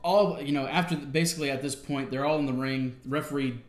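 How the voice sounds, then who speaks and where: This podcast co-host, a man with a medium-pitched, fairly even voice, talks at a quick pace in an echoey room. On a casual wrestling review show, he recaps matches in a rambling, filler-heavy way, acting out quotes as he goes.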